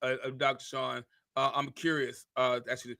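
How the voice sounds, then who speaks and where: A man's voice: mid-range voice, level tone, vocal fry, sharp tone, no echo, clean studio sound. A man hosting an interview show, talking casually with many restarts and building into a preacherly, repetitive rhythm. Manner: drawn-out, preacherly, repeats phrases for emphasis. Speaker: podcast host.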